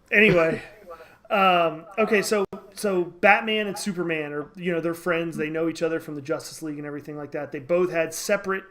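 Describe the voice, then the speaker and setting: A man with a slightly higher voice hosts a laid-back comic book podcast. He talks loosely and rambles, restarting his sentences as he goes. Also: a bit bright. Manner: rambling, self-interrupting joke teller. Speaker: podcast host. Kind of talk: casual podcast banter, telling a joke.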